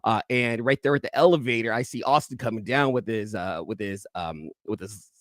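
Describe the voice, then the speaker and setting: A man's voice: on the low side, fairly bright tone, dry recording, studio quality. A man hosting a casual comic-book haul vlog, rambling with many restarts and asides to viewers. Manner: rambling, self-interrupting, quick asides to viewers in live chat. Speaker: YouTube comic collector host.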